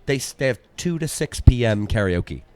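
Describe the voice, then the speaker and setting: A man's voice: medium pitch, expressive, moderate pace, darkish tone. A man co-hosting a podcast, telling a long story in a rambling way, with lots of fillers. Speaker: podcast co-host. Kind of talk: casual chat.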